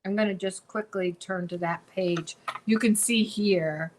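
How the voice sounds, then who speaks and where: A woman's voice: mid-range voice, measured pace, darkish tone, slight background noise, rough recording. A woman co-hosting a casual craft tutorial, bubbly and chatty, often repeating her words as she works. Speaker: craft demonstrator and co-host.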